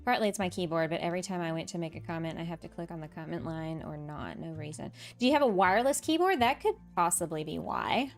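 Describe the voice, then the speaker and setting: A woman streamer builds in a farming game while casually chatting with viewers, reading and answering their comments aloud, laughing often, and teasing herself. Her lowish voice is lively and quick with few pauses, over soft game music.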